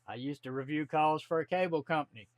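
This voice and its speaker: A man's voice: fairly high pitch, fast talker, no room sound. A man, talking bluntly and folksily to camera from his home office. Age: 40s. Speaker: vlogger. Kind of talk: casual to-camera monologue.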